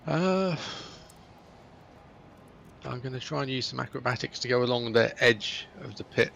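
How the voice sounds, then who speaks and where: A man taking his turn in a tabletop game, his voice rough with a gravelly fry. He talks casually and stumbles a bit over his words. Faint noise sits under his mic. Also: mid-range voice, lively intonation, moderate pace, a bit bright. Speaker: player.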